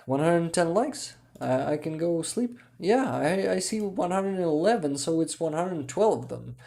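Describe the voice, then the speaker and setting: Tired male streamer, mellow low-key voice with gravel, reading chat in a halting way. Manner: hesitant, halting, full of restarts, with soft chuckles. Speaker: livestream host. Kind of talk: casual livestream chat, reading viewer comments.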